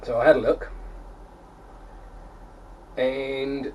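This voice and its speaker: A man's voice: mid-range voice, little pitch movement, drawn-out words, dull audio. A young man casually chatting to camera at home beside his keg setup, rambling with plenty of fillers and restarts. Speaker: homebrewing vlogger. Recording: distant mic, faint background noise.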